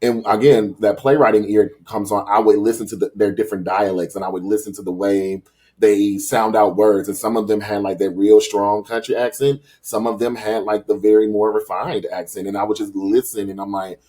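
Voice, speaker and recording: Animated young man, low voice. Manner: animated, rambling, quick restarts. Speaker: author being interviewed. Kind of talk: casual interview chat.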